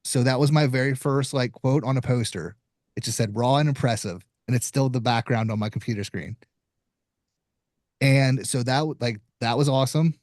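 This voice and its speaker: A man hosting a podcast, telling a story in a relaxed, casual way. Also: mid-range voice, moderate pace, dry recording, studio quality. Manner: relaxed storytelling, with small restarts. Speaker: podcast host.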